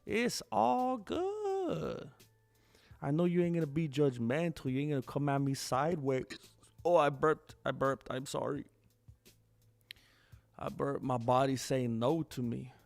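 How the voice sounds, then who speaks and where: Gravelly, lively-voiced livestream host. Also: male voice, fairly high pitch, unhurried, long pauses, no echo. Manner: rambling, self-deprecating, loose slang. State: sluggish. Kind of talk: casual livestream chat. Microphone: wearing headphones, no monitor.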